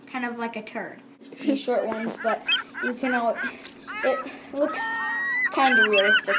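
A woman's voice: fairly high pitch, reverberant. A young female vlogger chatting through a how-to video at home, rambling with ums and restarts. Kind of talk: casual how-to vlog. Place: house, bathroom.

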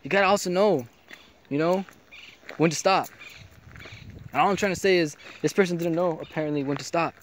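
A man's voice: on the high side, fairly quick, pauses often, slight background noise. A man rambling through a casual vlog monologue, swearing freely and filling his talk with "you know" and "I'm like.". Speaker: vlogger.

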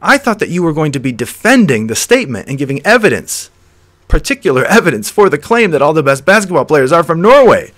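A man's voice: fairly high pitch, very animated, fairly quick, fairly bright tone. Chuckling man musing aloud on a podcast. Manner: walks the listener through an imagined scene, frequent chuckles; repeats words as he thinks aloud. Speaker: podcast host. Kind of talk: philosophy podcast monologue.

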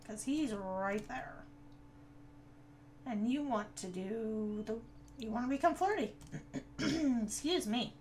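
A woman's voice: fairly high pitch, animated, slow, pauses often, darkish tone, faint music behind. A woman giving casual gameplay commentary, chatting to her viewers and scolding the game characters. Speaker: gaming video creator.

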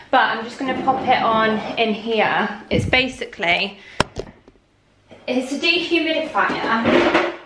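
Young woman, lifestyle vlogger, slightly high voice, faint background noise, loose rambling chat. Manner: rambling, keeps going off on tangents. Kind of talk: casual vlog chat. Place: at home, indoors.

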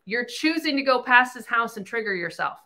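A woman's voice: on the high side, brisk. A woman in her thirties hosting a podcast, telling her story bluntly and candidly, with lots of swearing. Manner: blunt, profane, animated storytelling. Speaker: podcast host. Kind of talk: candid casual talk.

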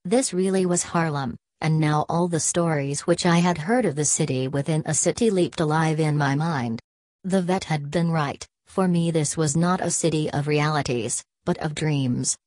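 Audiobook narrator, woman, deep low voice, dry close sound, steady measured read. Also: no room sound. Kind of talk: scripted novel narration.

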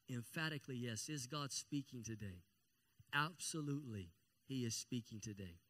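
Man preaching, repeating phrases for emphasis. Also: mid-range voice. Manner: repeats key phrases, calls for amens; grows louder and more excited. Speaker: pastor. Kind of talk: sermon.

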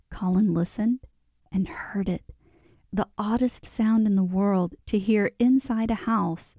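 Mellow woman narrating an audiobook. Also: mid-range voice, takes it slowly, no room sound, clean studio sound.

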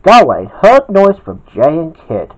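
A man reading his own homemade story aloud, halting and chatty, with asides to his listeners. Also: fairly high pitch, huge pitch swings, a little mellow, highs cut off. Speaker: storyteller, channel host.

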